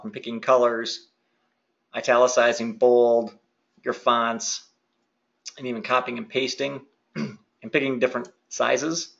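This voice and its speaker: A man's voice: mid-range voice, vocal fry, fairly bright tone, lo-fi sound. Man giving an upbeat webinar walkthrough. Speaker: software presenter.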